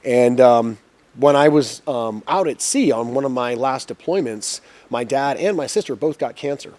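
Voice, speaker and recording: A man in his forties telling a long, profane story as a podcast guest, energetic and swearing freely. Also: medium pitch, moderate pace. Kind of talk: casual storytelling.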